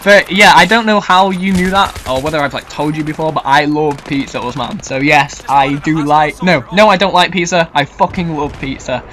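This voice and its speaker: Yorkshire lad rambling on a q&a vid, nervous, swears a lot, high-ish voice, bit of hiss. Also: male voice, normal speed, few pauses, pushed and bright. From Yorkshire, England. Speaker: gaming YouTuber. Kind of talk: casual Q&A commentary.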